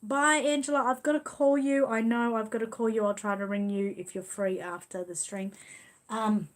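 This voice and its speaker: With a fairly high pitch and a steady tone, a middle-aged Australian woman talks at a moderate pace. She's a livestream host, casually rambling and cooing fondly while going through viewer comments.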